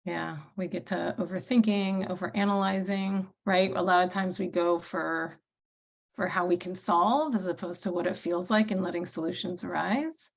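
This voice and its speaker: Woman, gravelly voice, workshop facilitator, reflective, halting, video call. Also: on the low side. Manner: reflective, searching for words, many fillers.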